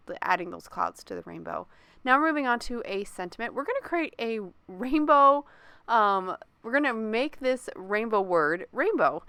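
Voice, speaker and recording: Chatty woman with a smooth, dry voice. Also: mid-range voice, a bit bright, dry recording. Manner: chatty, self-correcting, occasional light laughs. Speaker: crafting tutorial host. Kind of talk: relaxed craft demonstration voice-over.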